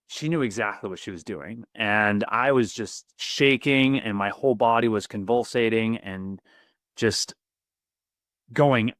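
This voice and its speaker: A man with a fairly low voice speaks as a guest on a podcast, recounting a personal experience with earnest, excitable energy and frequent repeated words. The recording is close and dry, with no room echo. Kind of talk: personal storytelling in a podcast interview.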